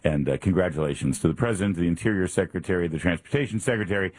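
A man with a very low, husky voice hosts a morning radio talk show. He rambles casually, with plenty of fillers and restarts. The studio sound is close and dry. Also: very fast, darkish tone, no room sound.

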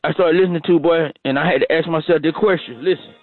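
A man's voice: fairly high pitch, quick pace, faint music behind. A man, telling a rambling, mock-dramatic comic story on a radio show and repeating himself. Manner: drawling, repetitive, mock-dramatic. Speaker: comedic caller bit. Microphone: phone. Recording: tinny phone line.

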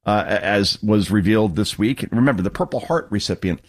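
A man hosting a talk radio show, delivering sarcastic, mocking political commentary. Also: brisk. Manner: sarcastic, mocking, lively pitch swings.

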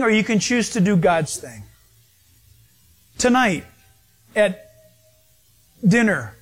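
A man preaching a sermon in a church, emphatic and speaking straight to his congregation. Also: very high-pitched. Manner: emphatic, addresses congregation directly.

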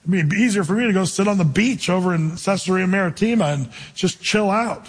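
Pastor guy preaching, lively, acts out voices, kinda breathy tone, big reverby church. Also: high-pitched, fast talker. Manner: animated, acts out quoted voices, asks the audience questions. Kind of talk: sermon.

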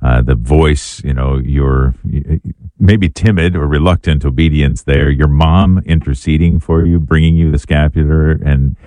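Male host, extremely deep voice, dry close sound, enthusiastic. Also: measured pace, warm tone, no room sound. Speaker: radio show host.

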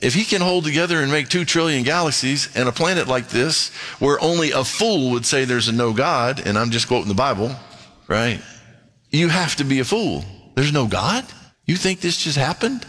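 A man preaching a sermon and reading scripture aloud, emphatic, dropping to a hush and then rising to excitement. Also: medium pitch, moderate pace. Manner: emphatic, swings between hushed and excited. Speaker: pastor.

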